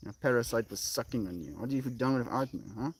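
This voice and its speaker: A man's voice: mid-range voice, fast talker, husky. South African man streaming with his puppy. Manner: reads chat aloud, coos baby talk at his puppy. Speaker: live streamer. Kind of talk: casual live stream chat.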